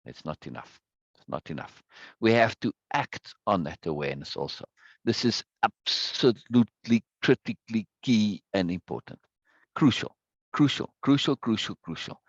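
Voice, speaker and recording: A man's voice: fairly low pitch, expressive, moderate pace, breathy edge, no echo, dull audio. A man teaching a live online self-help course, stressing points by repeating words and reading viewers' chat aloud. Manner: greets viewers by name from chat.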